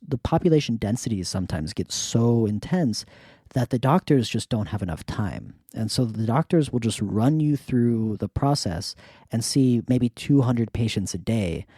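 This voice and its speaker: Sick man telling stories, mellow voice. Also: lowish voice, no echo, studio quality. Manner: relaxed, anecdotal, acts out others' quotes. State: sick with pneumonia, short of breath. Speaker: podcast host. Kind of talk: casual storytelling.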